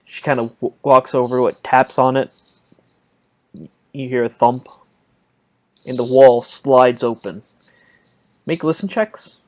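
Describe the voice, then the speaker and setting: A man running a tabletop game as game master, narrating in a casual, halting way. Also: medium pitch.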